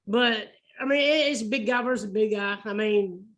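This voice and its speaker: A man's voice: high-pitched, normal speed, a bit bright. Rambling man. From Alabama. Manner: rambling, lots of "I mean". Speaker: podcast co-host. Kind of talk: casual chat.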